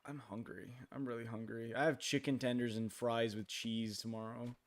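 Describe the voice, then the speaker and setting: A tired young man streaming a game late at night, talking in a halting, rambling way full of fillers and restarts. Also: medium pitch, little pitch movement.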